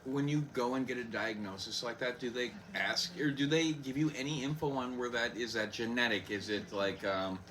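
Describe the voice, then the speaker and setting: A man hosting a podcast, asking halting, searching questions in a casual interview. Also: mid-range voice, a bit bright, a little hiss or hum. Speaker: podcast host.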